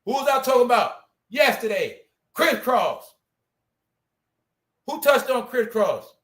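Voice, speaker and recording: Speaking slowly on his livestream, a commentary channel host rants in a sharp, bright voice that goes loud one second and mutters the next. The casual commentary is animated, with rhetorical questions to the audience and frequent "y'all" and "huh."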